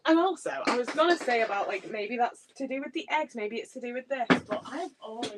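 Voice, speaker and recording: A woman's voice: on the high side, animated, brisk, noisy background. Chatty English woman with a slight Liverpool twang. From English Midlands. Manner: rambling, chatty, swears freely, self-deprecating. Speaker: livestreamer. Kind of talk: casual chat with viewers while baking. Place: home kitchen.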